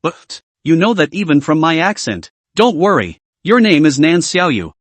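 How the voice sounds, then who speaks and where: A man voicing a calm, confident young female fortune-teller, speaking lightly and matter-of-factly. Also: on the high side, no room sound. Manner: light, unhurried, matter-of-fact.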